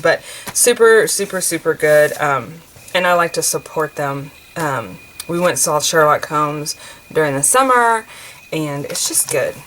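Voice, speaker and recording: An American craft vlogger in her forties has a deep yet slightly bright voice. She chats and rambles casually as she works on a craft journal, filling her speech with fillers and restarts. The recording is low quality with slight background noise.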